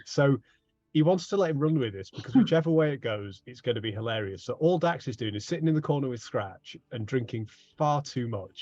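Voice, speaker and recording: A man playing a tabletop game who narrates his character's antics in a lively way, laughing often. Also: medium pitch. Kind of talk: animated in-character storytelling. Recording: dull, dry home mic audio.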